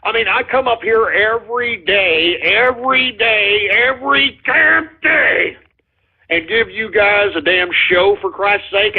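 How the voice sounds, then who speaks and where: A man's voice: high-pitched, measured pace, slightly rough, narrow, tinny audio. A man hosting a call-in radio show, scolding his callers in an exasperated, profane rant.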